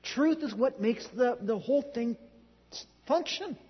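A man's voice: very high voice, lively intonation, a little slow, husky. A middle-aged man preaching a sermon, telling stories in a conversational way with dry humor. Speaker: pastor. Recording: dull lo-fi sound in a large hall.

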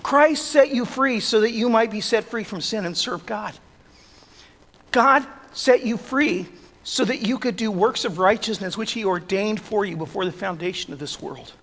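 A man preaching a sermon as pastor, earnest, building to loud emphatic peaks. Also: high voice, moderate pace, creaky. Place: church sanctuary. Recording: long reverb of a church hall.

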